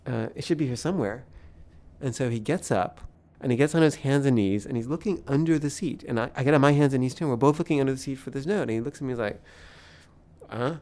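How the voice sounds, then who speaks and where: A man's voice: medium pitch, racing, mellow. Man, comic anecdote, stammers and restarts, nervous, casual storytelling, mid-range voice. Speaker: filmmaker telling an anecdote. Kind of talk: comic first-person storytelling.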